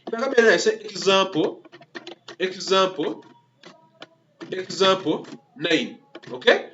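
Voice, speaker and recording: A man with a voice a little higher than usual walks through code as he types it, repeating himself and tacking "okay?" onto nearly every phrase. The recording is dull and lo-fi, with a faint hiss underneath. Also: animated, unhurried, a bit bright. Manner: repetitive, constantly checks in with "okay?" and "yeah?"; talks through typing step by step, restarts words. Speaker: coding instructor. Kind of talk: screen-recorded coding tutorial.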